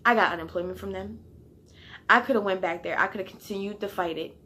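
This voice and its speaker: A young woman vlogs a storytime in a casual, slangy way, with plenty of swearing. Her voice is bright and forward, with a fairly typical pitch. She swings from animated outrage to near whispers. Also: fast talker, slight background noise. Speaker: vlogger.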